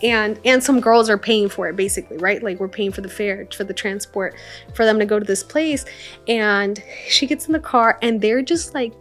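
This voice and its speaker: A young woman vlogger chatting through a travel story with lots of fillers and animated retellings. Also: mid-range voice, moderate pace. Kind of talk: casual storytime. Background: soft lo-fi music.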